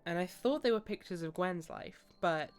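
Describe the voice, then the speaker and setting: A woman's voice: fairly low pitch, animated, moderate pace, clear, resonant tone, faint music behind. A woman streaming a game, chatting casually in a playful, jokey way with frequent laughs. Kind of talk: casual gameplay commentary.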